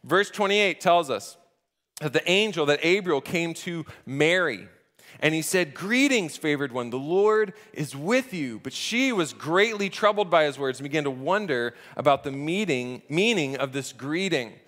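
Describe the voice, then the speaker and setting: A man preaching from a church stage, retelling scripture in a chatty, animated style. His voice sits slightly high for a man. A long hall reverb trails his words. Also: normal speed. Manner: conversational and animated, acting out the scripture scenes. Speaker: pastor. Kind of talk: sermon.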